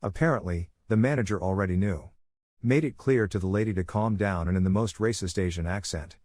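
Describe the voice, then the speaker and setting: A man narrating a personal story in a flat, steady retelling. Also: low-pitched, fairly quick, no room sound, clean studio sound. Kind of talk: reading a story.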